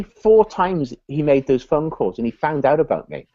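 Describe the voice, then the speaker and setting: Dark-voiced man telling a business story. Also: on the high side, moderate pace, few pauses, no echo, dull audio. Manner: animated, acts out voices in his anecdotes. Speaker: business consultant guest. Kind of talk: storytelling in a live video chat.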